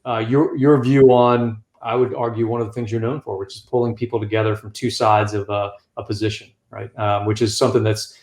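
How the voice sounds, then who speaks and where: A man co-hosting an interview podcast, asking a long question with halting restarts. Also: mid-range voice, flat delivery, darkish tone. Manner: halting, with many fillers and restarts. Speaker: podcast co-host. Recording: roomy echo.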